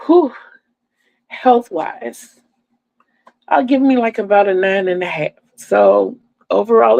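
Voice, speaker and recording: A woman's voice: medium pitch, slow, gravelly, long pauses, warm tone, dry recording, dull audio. A woman in her sixties from Virginia, hosting her crochet channel in a homey, chatty livestream and calling her viewers "y'all". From Virginia, USA. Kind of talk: casual livestream chat.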